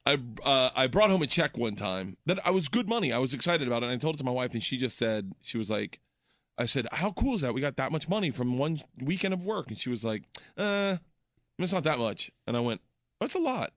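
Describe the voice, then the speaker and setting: A man telling comic stories in casual chat. He laughs often and jumps into excited voices when quoting people. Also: fairly quick, no room sound, clean studio sound. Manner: animated, laughs often, does high excited voices in quotes. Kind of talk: casual comedic storytelling.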